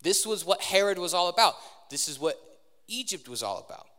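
Young male preacher, higher voice, casual sermon with crowd questions, long church-hall reverb. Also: very animated, a little fast, a bit bright. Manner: conversational, quizzes the audience. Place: large church hall with live audience.

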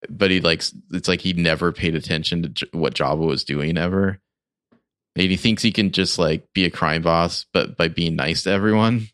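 A man's voice: low-pitched, moderate pace, fairly bright tone, smooth, no room sound, studio quality. A man in his forties chatting casually as a podcast co-host, rambling and full of fillers. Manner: rambling, filler-heavy fan critique. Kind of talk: casual chat.

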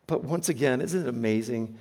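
A man preaching a sermon, earnest and emphatic, slowing down to stress key phrases. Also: medium pitch, gravelly, a little mellow.

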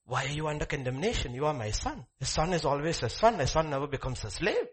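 A man preaching a sermon in a church, swinging between soft asides and loud, animated emphasis. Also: on the high side, quick pace, breathy edge. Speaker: pastor.

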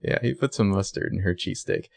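A man co-hosting a casual podcast, recapping a TV episode and acting out the characters' lines in quick voices. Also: low voice, vocal fry, no room sound. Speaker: podcast co-host.

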